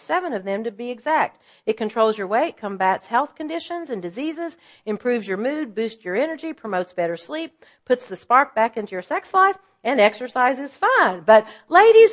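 Earnest woman teaching a women's ministry talk. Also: fairly high pitch. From Oklahoma. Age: 50s. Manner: earnest, animated storytelling with asides. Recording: slightly dull, muffled audio.

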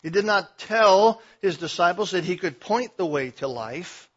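Emphatic high-voiced male preacher. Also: expressive, measured pace, slightly rough, highs cut off. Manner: emphatic preaching, swinging between loud declarations and quiet asides. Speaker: pastor. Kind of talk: sermon.

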